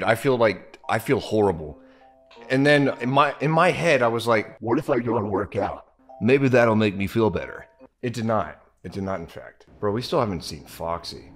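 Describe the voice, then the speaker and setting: A man's voice: lowish voice, fairly bright tone. A young man with a congested, stuffy voice, chatting casually and reacting jumpily while playing a horror game. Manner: jumpy, chatty, reacting aloud to scares. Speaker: let's play gamer. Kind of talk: casual gameplay commentary.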